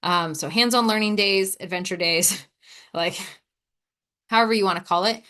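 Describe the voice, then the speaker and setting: A woman's voice: mid-range voice, moderate pace. Chatty woman telling a story. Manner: chatty, animated storytelling with acted-out quotes. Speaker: podcast host. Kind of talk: casual monologue.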